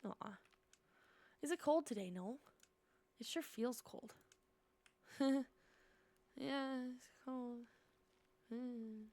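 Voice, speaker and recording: Young woman streamer, gravelly, slightly high voice, chatty and tender. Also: drawn-out words, long pauses, no room sound. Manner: chatty, softly emotional. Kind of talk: casual game commentary and reading aloud.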